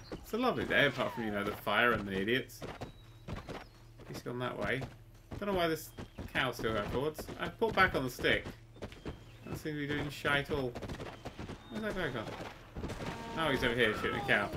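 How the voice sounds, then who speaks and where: A man giving sweary, excitable commentary while playing a video game, often jumping to shouts. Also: mid-range voice. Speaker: let's play host. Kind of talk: gameplay commentary. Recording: game noise behind the voice. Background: gunfire and game sounds.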